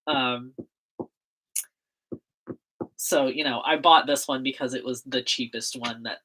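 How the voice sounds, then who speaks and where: A woman's voice: extremely low pitch, steady tone, takes it slowly, a bit bright, breathy edge, low-quality recording. A woman chatting casually on a livestream while she makes a zine, rambling with frequent laughs and self-corrections.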